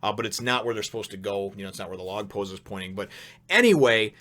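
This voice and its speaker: A man hosting a casual spoken review, chatty and rambling, who laughs often and gets excitable. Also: on the low side, fast. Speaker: manga chapter reviewer, show host.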